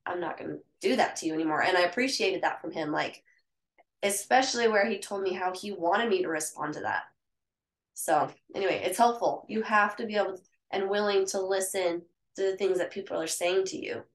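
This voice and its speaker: A woman co-hosting a podcast in casual chat, telling candid, lively stories. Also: medium pitch, fairly quick. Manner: candid, animated storytelling. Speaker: podcast co-host. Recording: echoey room.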